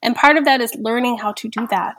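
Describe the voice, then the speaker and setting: A woman's voice: a little high, a little fast, a bit bright, no echo. A woman in her thirties, a therapist speaking earnestly and reflectively in a podcast conversation, often tagging "right?" and "like". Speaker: therapist guest.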